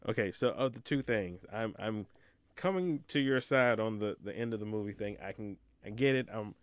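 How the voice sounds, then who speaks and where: A man on a casual podcast discussing a film. He retells scenes in an animated way and acts out what people say. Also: lowish voice, moderate pace, no room sound. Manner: animated storyteller, acts out quotes.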